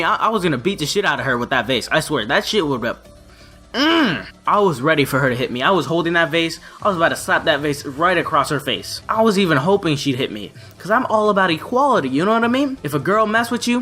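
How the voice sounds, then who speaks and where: A man's voice: on the high side, bright, forceful tone. A young man telling a story on his vlog in a brash, profane way. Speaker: vlogger.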